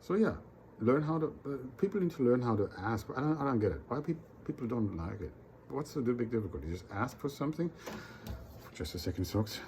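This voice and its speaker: A man's voice: medium pitch, very animated, fairly quick, darkish tone, a little hiss or hum. A man vlogging in a casual rambling monologue, often repeating words and restarting, acting out little quoted exchanges.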